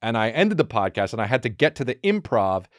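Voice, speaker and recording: A man hosting a podcast, telling rambling stories in a profane, animated, casual monologue. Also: medium pitch, a little fast, no room sound, clean studio sound. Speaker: podcast host.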